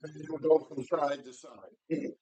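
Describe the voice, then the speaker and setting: A man, telling old neighborhood stories in loose, wandering sentences full of swearing and asides. His voice sits a bit high for a man. The recording is close and dry. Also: steady tone, unhurried, dark tone, no room sound. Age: 50s. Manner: rambling and profane, with frequent restarts and asides. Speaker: vlogger storyteller. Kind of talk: casual storytelling.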